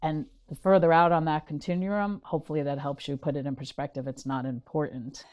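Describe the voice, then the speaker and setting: A middle-aged woman with a notably low voice recounts her experience as an interview guest. She tells it animatedly, slipping into the voices of the people she quotes. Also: a little fast. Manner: animated storyteller acting out quotes. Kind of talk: interview storytelling.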